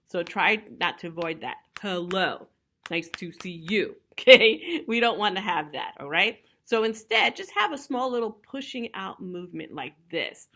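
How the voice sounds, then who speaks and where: A woman's voice: mid-range voice, expressive, moderate pace, few pauses, fairly bright tone. Chatty middle-aged woman teaching puppetry. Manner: chatty, checks in with frequent "okay?"; laughs lightly while explaining. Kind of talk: instructional video lesson.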